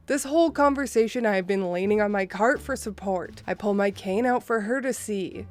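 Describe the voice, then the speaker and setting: A woman in her thirties narrating an online story in the first person with a steady, plain reading. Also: medium pitch, moderate pace, few pauses, dry recording. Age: 30s.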